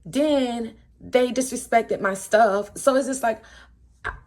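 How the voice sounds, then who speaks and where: A young woman tells a story in a loose, chatty way. She sounds exasperated, her voice jumping up whenever she acts out what people said. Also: slow pace. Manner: animated, exasperated, acts out quotes with swings in pitch. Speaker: storytime vlogger. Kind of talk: casual storytelling to camera.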